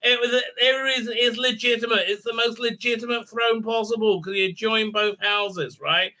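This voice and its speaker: A middle-aged TV show reviewer recaps an episode in a rambling, casual monologue at normal speed. Full of filler sounds and restarts, his voice drops low and then jumps up excitedly.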